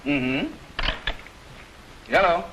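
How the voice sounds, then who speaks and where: A drawling, eager comic helper in a 1940s film comedy. His voice sits high and swoops widely, with a bright, ringing edge, and there is faint hiss behind it. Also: sing-song, drawn-out words, full character voice, low-quality recording. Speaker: bookie's errand man.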